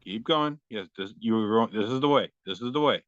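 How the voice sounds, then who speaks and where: A laid-back man co-hosting a podcast, presenting memes with salty, self-deprecating humor. His voice sits at a middle pitch, and the recording sounds dry and a little dull. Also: fairly quick, fairly bright tone, dry recording. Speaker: podcast co-host. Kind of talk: casual chat presenting memes.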